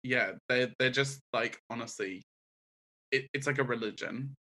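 A man's voice: mid-range voice, normal speed, bright, forceful tone. A young man with a mild New Zealand accent, chatting casually as a podcast guest with many fillers and restarts. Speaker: guest comedian.

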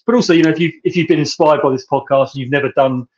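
A man hosts a podcast and talks fast, one thought running into the next. He leans on "you know" again and again. The sound is dull and muffled, like a lo-fi recording. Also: a little high. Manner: rambling, lots of "you know". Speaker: podcast host. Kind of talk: podcast interview.

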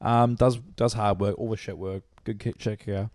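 A man's voice: fairly low pitch, steady tone, moderate pace, a little mellow, dry recording, studio quality. A young man co-hosting a podcast, swearing freely and retelling work stories in casual crude banter. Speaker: podcast co-host.

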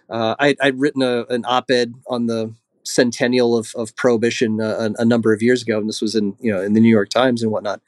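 A man's voice: medium pitch, dry recording, clean studio sound. Man answering with many fillers. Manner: thoughtful, many fillers and restarts. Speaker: guest historian. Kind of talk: conversational interview answer.

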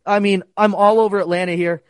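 A young man talks sports bets in a heated, profane rant. His voice sits on the higher side. The sound is dry and close, with no room around it. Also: little pitch movement, fast, smooth, dry recording. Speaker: sports betting podcast host. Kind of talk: casual sports betting talk.

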